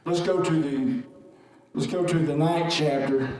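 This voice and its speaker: A man preaching a fervent call-and-response sermon, chanting and shouting his lines. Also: on the high side, fairly even intonation, measured pace. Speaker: guest preacher. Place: large echoey church sanctuary. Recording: echoey sanctuary from far off. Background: congregation responding.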